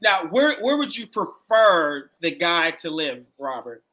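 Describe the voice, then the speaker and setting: A man hosting a live-streamed dating interview, chatty and quick to react, repeating the guest's answers back to him over a video call. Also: a little high, very animated, pushed and bright. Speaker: dating coach and show host.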